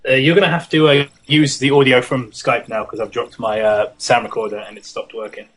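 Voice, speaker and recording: A man's voice: medium pitch, little pitch movement, a little fast, a bit bright. Irreverent British man chatting. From Britain. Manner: irreverent, rambling storyteller. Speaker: let's play co-host. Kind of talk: casual podcast chat.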